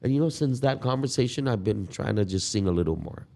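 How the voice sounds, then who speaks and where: An older man from Guam, a guest musician, telling stories in a relaxed podcast conversation. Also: lowish voice, vocal fry. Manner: relaxed, reminiscing, drawn-out storytelling.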